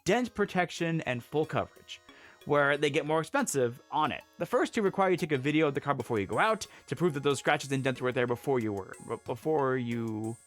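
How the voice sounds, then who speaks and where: A man's voice: mid-range voice, animated, fairly quick, soft background music. A man casually telling a travel story on a livestream, laughing often and breaking off to answer chat.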